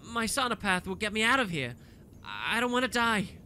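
A man voicing a cornered female Asura inventor who yells threats and then begs. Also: very high-pitched, big pitch swings, unhurried, a little hiss or hum, pitched above the performer's own voice, full character voice. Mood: pleading.

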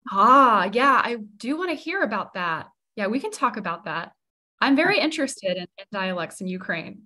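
Lady running an online english class, bright lively voice, laughs a lot. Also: medium pitch, moderate pace. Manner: animated, laughing easily.

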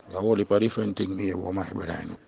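A man's voice: sits low, steady tone, very fast, gravelly, mellow, muffled recording, a little hiss or hum. A young Jamaican man speaking in patois in a casual interview, tagging his phrases with "you see me" and "you know".

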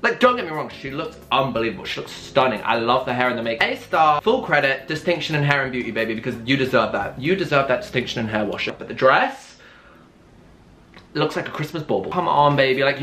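A young British man with a bright, forceful voice delivers camp and sassy fashion commentary, his pitch leaping all over the place. The room is echoey, with faint music playing behind him. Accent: British English. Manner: camp, sassy and theatrical, swings into squeals. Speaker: YouTube commentator. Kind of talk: casual reaction commentary.

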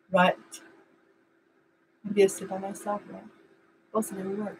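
A woman's voice: medium pitch, level tone, slow, pauses often, a little hiss or hum, low-quality recording. A woman whose first language is Chinese, teaching an online language lesson in simple, broken English and repeating words over and over for practice.

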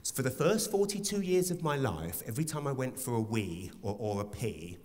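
A man in his forties performing live stand-up comedy in a large theatre, animated and building to loud exclamations. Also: medium pitch, fairly quick. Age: 40s. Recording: reverberant live theatre with audience.

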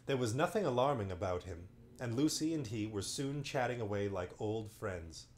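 A man's voice: fairly low pitch, expressive, normal speed, slight background noise. A man reading a bedtime story aloud on a livestream, breaking in with playful, wry asides. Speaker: storyteller host.

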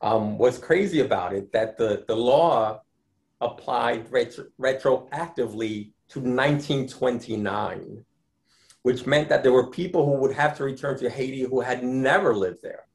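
A Dominican-born man explaining his artwork in an interview, speaking in a measured way with frequent ums and restarts. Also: mid-range voice. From Dominican Republic. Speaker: artist guest.

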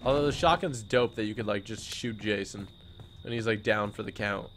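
A young man streaming a game, chatting casually and excitably, joking and repeating words in bursts. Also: on the low side, normal speed, a little hiss or hum. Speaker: gaming streamer. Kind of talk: casual live-stream commentary.

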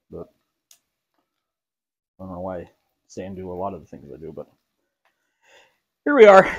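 A man's voice: fairly low pitch, muffled recording. Joking man hosting a cooking vlog. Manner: joking, self-mocking asides while cooking. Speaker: cooking show host. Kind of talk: casual cooking vlog chat. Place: home kitchen.

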